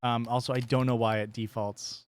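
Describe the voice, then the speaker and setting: A man's voice: mid-range voice, flat delivery, normal speed, a little hiss or hum. A man streaming a game live, chatting casually and joking with chat, often swearing playfully.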